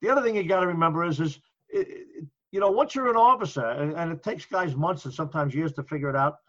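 A man's voice: on the high side, quick pace, fairly bright tone, highs cut off. A man co-hosting a casual podcast about the fire service, talking earnestly and acting out orders he gives to his crews.

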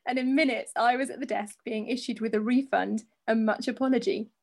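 A woman hosting a podcast, reading a listener's story aloud in an expressive, dramatic way. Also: fairly high pitch, brisk, vocal fry. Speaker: podcast host.

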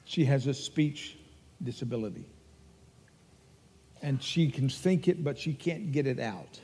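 Older Texan pastor preaching in a hall. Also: male voice, mid-range voice, lively intonation, a little slow, husky. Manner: earnest storytelling preacher, warm and emphatic. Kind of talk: sermon.

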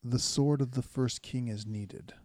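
A man playing a high cleric, speaking in a formal, measured and earnest way. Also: steady tone, a little mellow, no echo, lightly acted.

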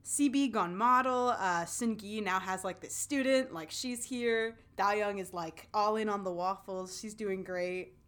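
Casting note: woman podcast co-host, casual and animated, heavy on "like", mid-pitched. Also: unhurried, hardly any pauses. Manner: animated, acts out characters' lines with lots of fillers. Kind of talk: casual chat recapping a TV drama.

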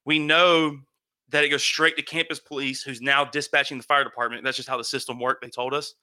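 A young man casually telling a long, animated story, swearing and acting out what people said. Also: mid-range voice, a little fast. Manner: animated, swearing, acts out quotes.

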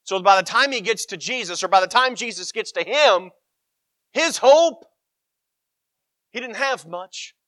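A man preaching a sermon, emphatic and animated, swinging between loud cries and hushed asides. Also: high-pitched, brisk, hardly any pauses, dry recording, studio quality.

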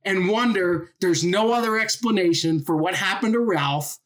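A woman telling a Bible story as an informal sermon, animated and full of rhetorical questions. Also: medium pitch, normal speed.

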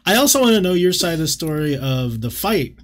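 A man hosts a loose conversation and asks his guest for his side of a story. His fairly high voice swings up and down a lot. He laughs easily between his questions. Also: fairly quick, background noise. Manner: lively, laughing, curious questions. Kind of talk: casual interview chat.

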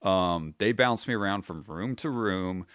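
A man's voice: sits low, measured pace, fairly bright tone, clean tone, no room sound, clean studio sound. Wry, profane man telling a war story. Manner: profane, wry, re-enacts his own quotes. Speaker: podcast guest, retired Army sergeant. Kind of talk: casual storytelling interview.

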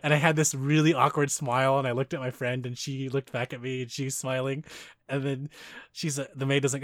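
A young man chats with a listener in a casual storytelling mode, his voice sitting at a mid pitch. He is animated, often breaks into laughter, and slips into other people's voices for quotes. The sound is close and dry, with almost no room around it. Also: fairly quick, dry recording.

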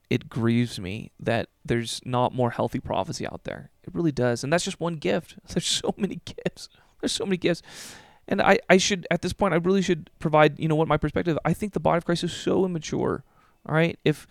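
Earnest man with a slightly high voice. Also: gravelly, dry recording, studio quality. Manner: earnest, emotional, filler-heavy with frequent "okay?". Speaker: podcast host. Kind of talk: solo podcast talk about faith. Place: alone in a room.

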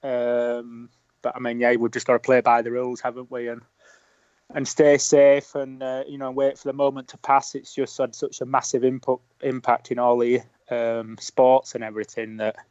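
A man's voice: medium pitch, completely flat delivery, normal speed, a little mellow, dry recording, lo-fi sound. Easygoing Yorkshire man on a call. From Yorkshire, England. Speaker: guest. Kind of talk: casual interview. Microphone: remote call.

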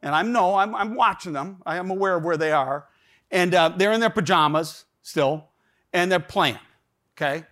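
Lively, high-voiced storytelling man. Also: moderate pace. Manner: animated, rambling, with many fillers and restarts. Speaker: speaker telling a personal story. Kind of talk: storytelling talk.

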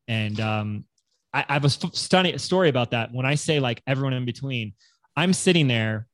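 A man's voice: medium pitch, animated, a little fast. A man telling his business story in a casual interview, acting out other people's voices in quotes. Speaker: guest entrepreneur.

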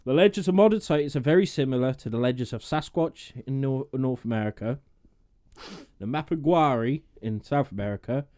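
A man's voice: medium pitch, brisk, a little mellow. A young man, chatting casually on a podcast, rambling and laughing often. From United Kingdom. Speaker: podcast co-host. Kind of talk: casual chat.

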